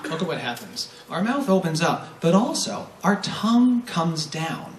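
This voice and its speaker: A man leads a brass masterclass, explaining breathing step by step and answering his own rhetorical questions. His voice sits a bit high for a man. It is picked up from a distance in a reverberant room with faint background noise. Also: big pitch swings, a little slow. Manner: explanatory, poses rhetorical questions and demonstrates vowel sounds. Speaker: brass teacher giving a masterclass. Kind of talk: masterclass lecture. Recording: roomy echo from a distant mic, faint noise.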